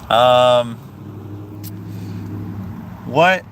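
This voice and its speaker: A man's voice: medium pitch, very slow, a bit bright, slight background noise. A man from Canada chats casually in a car to his phone and reads viewer comments, rambling and cutting himself off. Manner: rambling, chatty, self-interrupting. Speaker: vlogger. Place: inside a car.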